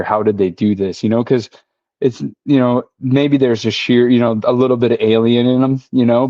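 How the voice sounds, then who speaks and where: Lowish and mellow, this podcast guest's voice comes through a dry, dull, lo-fi recording with no room sound. He keeps the casual chat relaxed, filling it with "like" and "you know."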